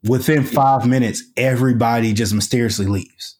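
A man's voice: mid-range voice, steady tone, moderate pace, darkish tone. A man, a podcast guest, telling a story in a casual, colloquial way with lots of fillers and restarts. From United States.

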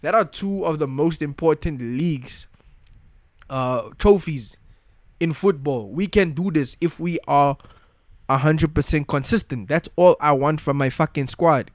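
A man's voice: fairly high pitch, moderate pace, dry recording. A young man giving a casual, slangy rant as a football fan vlogger, frustrated and repeating himself.

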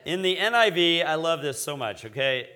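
Man, pastor, sermon, conversational, joking asides, louder on scripture. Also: fairly high pitch, big pitch swings, moderate pace. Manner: conversational, joking with the congregation, rising loud for scripture. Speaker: associate pastor.

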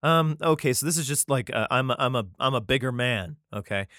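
A man's voice: mid-range voice, expressive, fairly quick, sharp tone, no echo, clean studio sound. A man reading archaic scripture aloud, breaking off into irreverent, profane comic asides, sometimes stumbling over the words. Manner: irreverent, profane interjections between archaic verses; stumbles and restarts while reading. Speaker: reader and commentator.

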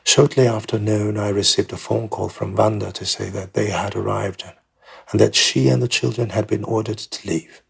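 A man reading a first-person memoir as an audiobook in a measured, plain storytelling manner. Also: lowish voice, fairly even intonation, gravelly, slightly rough. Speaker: memoir narrator.

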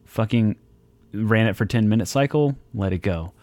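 Low-voiced man swearing through casual stories. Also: normal speed, darkish tone, no echo. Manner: profane, rambling storyteller. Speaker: podcast co-host. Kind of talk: casual chat.

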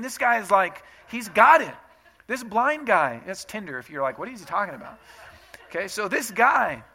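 Man, pastor, high voice, conversational sermon, hushed to emphatic. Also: vocal fry.

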